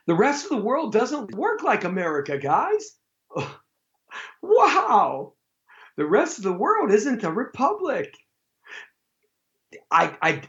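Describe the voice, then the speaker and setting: A man hosting a live talk show, rambling through a jokey monologue with sudden loud outbursts. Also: a little high, lo-fi sound.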